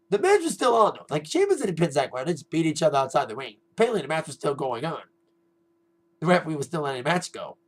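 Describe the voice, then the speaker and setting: A man's voice: on the high side, low-quality recording. A young man giving a casual, rambling spoken review, often repeating himself and laughing now and then. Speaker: wrestling show reviewer.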